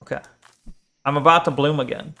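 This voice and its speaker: A man with a slightly high voice, chatting loosely as he plays through a game on stream. He jokes, swears casually and answers chat in a relaxed, offhand way. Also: brisk. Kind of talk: casual live game commentary.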